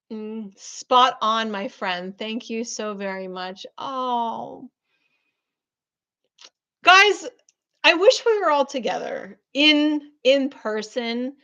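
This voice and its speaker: A fairly high-voiced woman talks warmly and effusively to her live-stream viewers from her room, her chat loaded with ums and soft asides. The audio is dull and lo-fi, like a muffled online stream. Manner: warm, effusive, chatty with many fillers. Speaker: spiritual business coach hosting a live reading.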